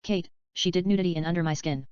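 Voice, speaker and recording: A woman reading the part of a teasing, provocative actress in her own plain, even voice. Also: on the low side, fast, smooth, dry recording, lightly acted. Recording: dull, slightly lo-fi dry recording.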